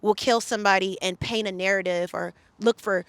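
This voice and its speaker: A woman's voice: medium pitch, steady tone, a little fast, a bit bright, no room sound. A woman from the Bay Area, a podcast guest, recounting a story in an emphatic, profane, heated way. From San Francisco Bay Area. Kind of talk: casual storytelling interview.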